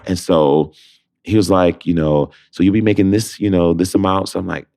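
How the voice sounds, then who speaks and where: A man with a very low, deep bass voice tells his story with great animation, jumping into the voices of the people he talks about. He is a young adult from Detroit and a Broadway performer, speaking as a podcast guest in casual conversation. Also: moderate pace, vocal fry. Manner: lively storyteller who acts out both sides of phone calls.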